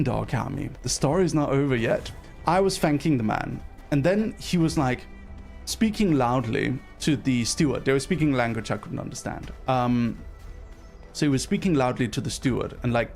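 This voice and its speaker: Profane, animated male storyteller. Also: on the high side, moderate pace, soft background music. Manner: animated, profane, emphatic, mocking. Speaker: streamer telling a story. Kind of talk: casual storytelling on a livestream.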